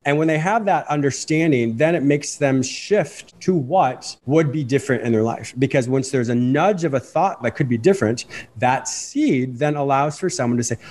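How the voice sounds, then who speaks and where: A man speaking fast and animatedly as a podcast guest, explaining ideas in a remote interview. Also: medium pitch. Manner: rapid, animated, apologizes for speed.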